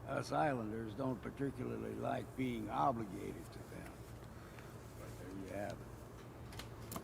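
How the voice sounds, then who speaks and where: An actor playing a gruff, weathered older male island guide in a video game, speaking in a blunt, grudging drawl. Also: medium pitch, a little slow. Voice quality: gravelly. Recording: game audio under loud background noise.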